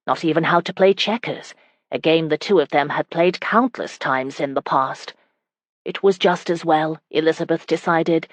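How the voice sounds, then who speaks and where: Brief: audiobook narrator, even scripted reading, dead-dry recording. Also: medium pitch, no echo.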